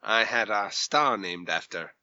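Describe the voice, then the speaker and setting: A man's voice: on the low side, animated, unhurried, pushed and bright, no echo, highs cut off, full character voice. A man voicing a boastful widowed woman with a rotten tooth, rambling through grand brags in a podcast bit. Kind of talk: podcast recap banter.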